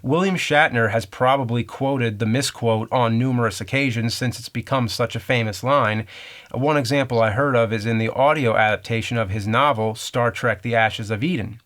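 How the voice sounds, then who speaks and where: A man's voice: mid-range voice, normal speed, a bit bright. A man in his thirties talks through movie trivia in a scripted commentary. His voice sits in an ordinary middle register, and he explains things in a conversational, dryly amused way. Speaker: host.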